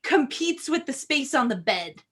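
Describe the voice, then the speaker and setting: A woman's voice: high voice, big pitch swings, unhurried, a bit bright. A woman, an opera singer co-hosting a casual chat, who talks in a gushing, rambling way.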